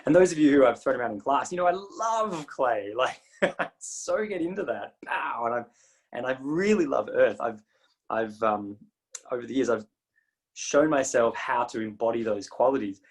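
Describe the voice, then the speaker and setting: A man's voice: mid-range voice, animated, normal speed. A man in his forties teaching martial arts philosophy in a loose, rambling way, laughing often and trailing off mid-sentence. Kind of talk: informal teaching talk.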